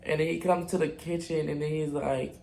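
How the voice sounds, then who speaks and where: A man's voice: on the high side, flat delivery, fairly quick, vocal fry, a little mellow, slight background noise. A young man telling a casual storytime to his viewers, candid, blunt and full of profanity. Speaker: vlogger.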